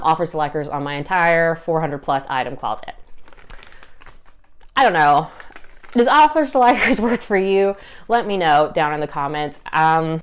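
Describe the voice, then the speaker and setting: A woman's voice: low voice, clear, resonant tone. A young woman with a Southern US accent, chatting casually to camera about her resale sales, upbeat and full of fillers and small laughs. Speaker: reseller vlogger.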